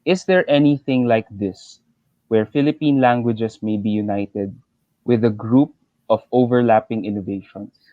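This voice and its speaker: A man moderating a session, reading audience questions aloud at a measured pace. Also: lowish voice, fairly even intonation, no room sound. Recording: dry, dull lo-fi call audio.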